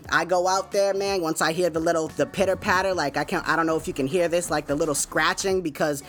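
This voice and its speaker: A man's voice: fairly high pitch, fairly even intonation, quick pace, a bit bright. A man hosting his own podcast, telling a story in a laid-back, chatty way, full of fillers and asides. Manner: laid-back, chatty, many fillers like "man" and "you know what I'm saying". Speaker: podcast host. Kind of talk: casual storytelling monologue. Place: home.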